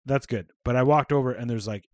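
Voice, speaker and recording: A man's voice: medium pitch, brisk, no echo, studio quality. A man co-hosting a podcast in casual chat, rambling and swearing freely. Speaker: podcast co-host.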